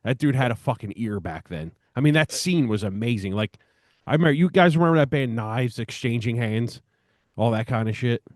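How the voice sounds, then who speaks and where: A man's voice: mid-range voice, lively intonation, fairly quick, no room sound. A man in a casual podcast talk, his voice in a middle register with a dry, close sound. He talks animatedly, peppering his talk with "dude" and swearing. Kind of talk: casual chat.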